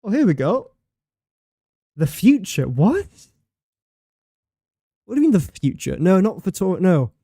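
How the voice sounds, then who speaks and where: A man's voice: high voice, very animated, a little slow, pauses often, dark tone, slightly rough, no room sound, studio quality. A man chatting casually during a gameplay livestream, playful and self-mocking, talking to objects in the game. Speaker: game streamer.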